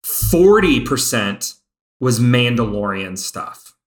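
A man in a casual podcast chat, speaking at a middle pitch with plenty of eager energy. His pace surges and then slows as he gets excited. The room gives his voice a noticeable echo. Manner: excited fan, speeds up and slows down. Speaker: podcast co-host. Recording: roomy echo.

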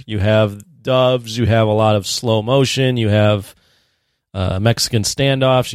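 A man co-hosting a casual movie review podcast, listing points about the film in a relaxed way. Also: medium pitch, no echo, clean studio sound. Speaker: podcast co-host.

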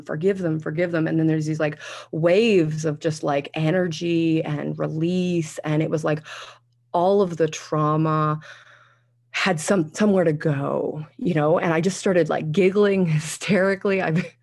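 A woman in her thirties telling a candid personal story in conversation, animated, laughing often and acting out her own past thoughts. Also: low-pitched, unhurried. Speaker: guest sharing a personal story.

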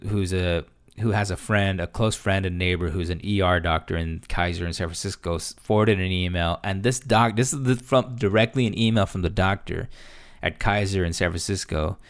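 Dude with a really low voice, rambling and cursing, casual chat. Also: male voice, fairly quick, hardly any pauses. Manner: rambling, profane, lots of fillers and restarts.

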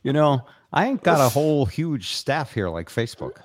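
A man's voice: medium pitch, very animated, normal speed, no echo, clean studio sound. An older man hosting a casual live-stream chat show, talking in a rambling, jokey, self-deprecating way. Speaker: show host.

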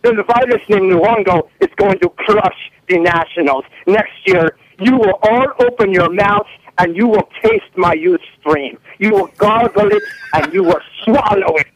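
A man's voice: high voice, unhurried, dry recording. A man calling in on the phone, putting on a grandiose fake Italian boss who makes threats in broken English. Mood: gloating. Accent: put-on Italian. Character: boastful Italian-accented male team boss caller. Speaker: prank caller. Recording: phone line.

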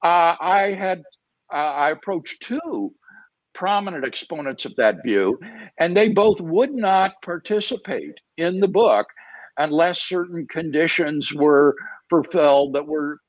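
A man speaks slowly and deliberately as a guest author, his voice rising and falling in an animated way and sitting a little higher than most. He fills pauses with "uh" as he weighs each point. The video-call audio is dull and dry. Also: dry recording. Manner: measured and deliberate, with frequent "uh" fillers. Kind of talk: interview answers.

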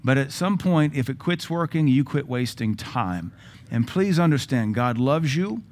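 A pastor preaching a sermon with a Southern American accent, blunt and sarcastic, acting out quotes. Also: male voice, medium pitch, expressive, measured pace, a little mellow.

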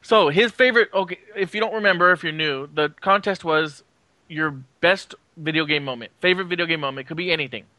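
A man hosting a podcast, talking casually with frequent fillers and pauses. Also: fairly high pitch, dry recording. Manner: relaxed, halting with fillers. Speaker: podcast host.

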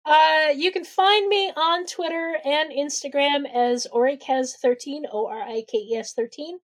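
High-voiced woman hosting a podcast. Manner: steers the talk, reads promos briskly. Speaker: podcast host. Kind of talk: casual chat and read promos.

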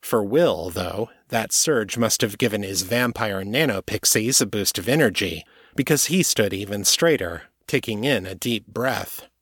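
A man narrating an audiobook chapter in a steady, even storytelling manner. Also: lowish voice, measured pace, few pauses, husky, no echo, clean studio sound.

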